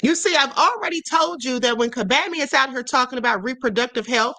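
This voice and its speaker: A woman's voice: high voice, expressive, a little fast, pushed and bright, no room sound. A woman hosting a political commentary livestream, talking emphatically to her viewers in a string of rhetorical questions. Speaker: livestream host.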